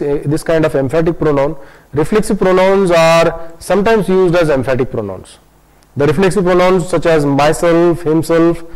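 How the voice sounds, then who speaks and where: A man teaching a grammar lesson online, often pausing on fillers and restarting his sentences. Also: a little high, darkish tone, rough recording. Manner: hesitant, many fillers and restarts, switches into Hindi to explain.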